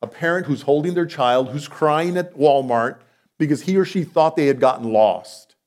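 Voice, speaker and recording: Man preaching with dynamic swings. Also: normal speed. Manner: dynamic delivery, swinging between loud emphatic lines and soft low asides; conversational, with rhetorical questions and light laughs. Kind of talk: sermon.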